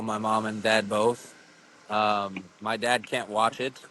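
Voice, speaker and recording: A man who wrestles, telling stories as a podcast guest in a rambling, profane, animated way. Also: fairly low pitch, slow, a little hiss or hum. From USA. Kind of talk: casual storytelling interview.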